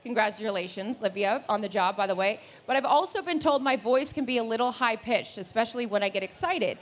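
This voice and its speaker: A woman co-hosting a live podcast on stage, chatty and laughing, reading out listener questions and giving advice. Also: expressive. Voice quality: deeper voice. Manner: chatty, laughing, fast-talking. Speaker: podcast co-host.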